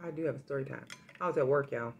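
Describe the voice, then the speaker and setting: A woman hosting a casual food vlog, talking straight to her viewers and telling a story in a lively, chatty way. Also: a bass voice, fast, gravelly, muffled recording, slight background noise. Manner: chatty, addresses viewers directly, animated storytelling. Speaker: food vlogger.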